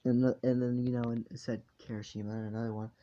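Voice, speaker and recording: A man's voice: mid-range voice, little pitch movement, quick pace, mellow, muffled recording. A tired man narrating a fan story in a casual, rambling way, full of fillers and swearing.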